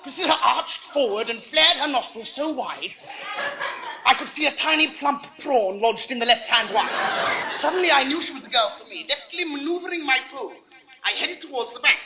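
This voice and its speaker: A man's voice: very high voice, pushed and bright, heavily acted. A man playing a dreamy young Cambridge student, lyrically recalling a romantic evening in a comic monologue on an old record. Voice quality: wistful, mock-lyrical. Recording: vinyl record with hiss.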